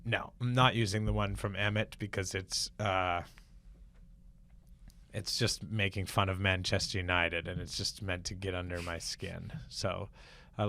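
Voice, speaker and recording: A man's voice: on the low side, creaky. A man co-hosting a casual improv comedy podcast, rambling and joking at his own expense. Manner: rambling, self-deprecating joking. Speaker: podcast co-host.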